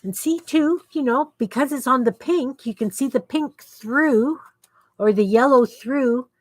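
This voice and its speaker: A middle-aged woman with a high voice speaks at a measured pace, with no room sound, while hosting a crafting livestream from her home basement craft room. She chats casually with viewers and mutters to herself as she works.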